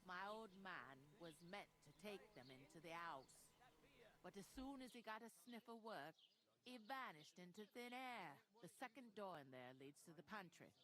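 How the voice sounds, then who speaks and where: A woman's voice: mid-range voice, lively intonation, normal speed, fairly bright tone, lightly acted. A woman voicing a blunt, bossy village innkeeper in a video game. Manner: bossy, plain-spoken, folksy.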